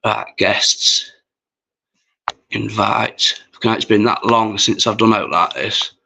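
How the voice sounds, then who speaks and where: A man's voice: on the low side, steady tone, slow, vocal fry, sharp tone, husky. A man, chatting casually and swearing freely while hosting a livestream. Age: 40s. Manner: rambling, sweary, chatty with viewers. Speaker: livestream host.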